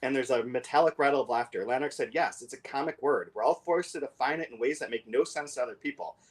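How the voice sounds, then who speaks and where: A man co-hosting a casual book discussion, talking with many fillers and restarts and reading passages aloud quickly. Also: mid-range voice, breathy edge. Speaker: podcast co-host.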